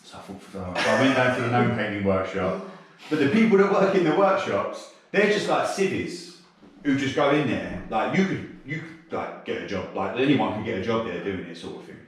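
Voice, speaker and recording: South London man, guest on a casual chat show: rough, sweary, animated storyteller with bursts of laughter, recorded off-mic in a very echoey room. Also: medium pitch, normal speed, far from the mic. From South London, England. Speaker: podcast guest.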